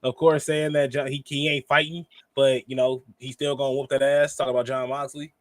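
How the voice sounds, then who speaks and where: A man's voice: mid-range voice, little pitch movement, a little fast, no room sound. A man co-hosting a wrestling review podcast in rambling, slangy casual chat. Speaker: podcast co-host.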